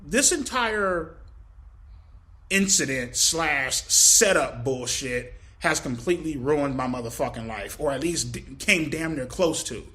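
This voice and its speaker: A man's voice: a little high, lively intonation, unhurried, sharp tone. A man answering interview questions in a rambling way, swearing heavily and repeating "you know what I mean.". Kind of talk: casual, profane interview answers.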